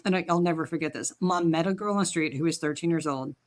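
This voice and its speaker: A woman in her forties co-hosting a podcast, telling stories in an animated, jokey, emphatic way. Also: sits low, fast. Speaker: podcast co-host. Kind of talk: casual storytelling chat.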